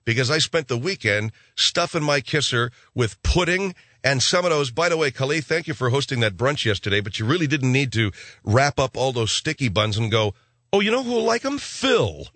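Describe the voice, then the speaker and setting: A man hosting a talk radio show, rambling and sarcastic in a gruff, offhand way, on a studio microphone. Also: medium pitch, animated, brisk, pushed and bright, no echo.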